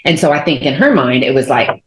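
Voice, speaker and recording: A woman in her forties from Texas, telling a personal faith testimony as an animated storyteller who leans on fillers. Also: a bass voice, fairly quick. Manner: animated storyteller, many fillers, acts out quotes. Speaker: guest. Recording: roomy echo.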